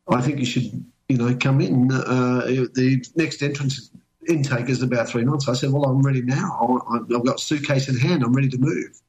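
A man's voice: mid-range voice, a little mellow, rough recording. Older Australian man telling rambling stories. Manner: rambling anecdotal storytelling. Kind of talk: casual chat.

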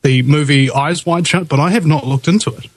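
A man's voice: on the high side, a little fast, no room sound, rough recording. A man hosting a talk show, chatting loosely with many fillers and jokes. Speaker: radio show host.

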